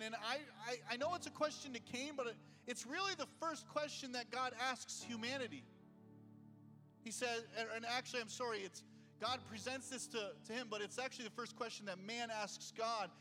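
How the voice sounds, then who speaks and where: A man's voice: very high-pitched, a little fast, sharp tone, long reverb tail, soft background music. A male pastor preaching a conversational sermon and reading scripture aloud, heard in a church sanctuary.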